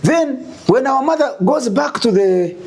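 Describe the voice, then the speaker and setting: A Ugandan man telling a story in an interview, animated and full of rhetorical questions. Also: extremely high pitch, unhurried, slight background noise. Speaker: guest.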